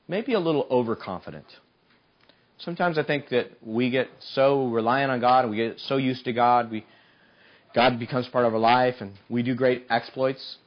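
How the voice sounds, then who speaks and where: Man preaching a lively sermon, lo-fi. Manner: animated, voice climbing high when acting out Samson's pleas.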